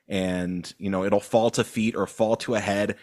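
A man co-hosting a casual football podcast, talking loosely with lots of fillers and animated bursts. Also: on the low side, normal speed. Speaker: podcast co-host.

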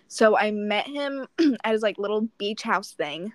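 A woman's voice: medium pitch, expressive, moderate pace, no echo. A young woman co-hosting a podcast, telling a dating story in casual chat, swearing often and acting out both sides of the dialogue. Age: young adult. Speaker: podcast co-host.

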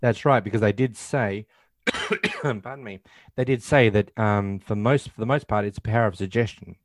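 A man with a low, deep voice talks through a film plot in a loose, rambling way, and he slips into quick imitations of the lines. The sound is dry and close, with no room echo. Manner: rambling, acts out quotes in passing. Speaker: podcast host. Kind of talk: casual film recap chat.

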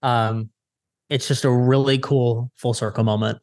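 A young man from the Chicago area, a social media strategist, telling a story casually in an interview with lots of quick retellings and restarts. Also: mid-range voice, no room sound, clean studio sound. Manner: animated, lots of "I'm like" retellings, fast restarts.

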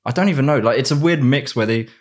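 A man's voice: mid-range voice, quick pace. A young British man with a British accent, chatting casually and reflectively. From Britain. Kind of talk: casual chat.

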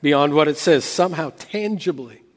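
A man preaching a sermon as pastor, building dramatically and then dropping to a near hush. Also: on the high side, moderate pace, big-room sound.

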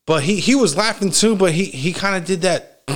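A man telling a long story from his childhood in a casual, rambling way, swearing often and filling pauses with "like" and "you know". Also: high voice. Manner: rambling, heavy swearing, frequent fillers and laughs.

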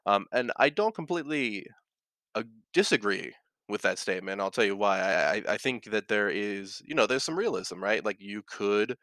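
A man's voice: fairly low pitch, animated, moderate pace, fairly bright tone, dry recording, clean studio sound. A man hosting his own podcast, talking casually and reading online posts aloud, full of fillers, restarts and tag questions. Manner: rambling, many fillers and restarts, frequent "right?". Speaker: podcast host.

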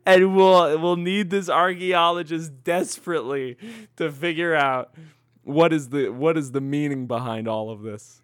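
A man's voice: on the high side, steady tone, a little slow, dry recording, clean studio sound. A man co-hosting a casual comedy podcast, rambling through jokey ideas and laughing often. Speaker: podcast co-host.

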